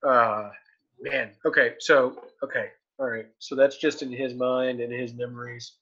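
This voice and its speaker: Guy playing a tabletop rpg, chatty, counts dice out loud, bright voice, bit muffled audio. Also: mid-range voice, little pitch movement, a little slow, breathy edge. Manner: chatty, thinks aloud while counting dice. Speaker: tabletop game player. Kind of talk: casual tabletop game play.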